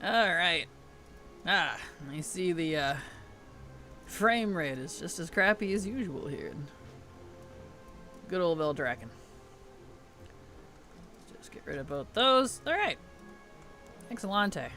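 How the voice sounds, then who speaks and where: High-voiced chatty male streamer. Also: big pitch swings, takes it slowly, long pauses, sharp tone, faint music behind. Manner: chatty, laughs often, greets and answers chat. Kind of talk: casual gaming livestream chat.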